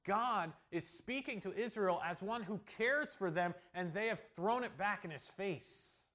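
A man preaching an expository sermon as a pastor, earnest, slowing down to stress quoted verses and swinging between quiet asides and loud emphasis. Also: sits high.

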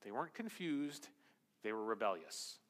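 A man preaching a sermon as pastor, emphatic, rising to loud, high exclamations and dropping to quiet, low stretches. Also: very animated, normal speed. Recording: long reverb of a large hall.

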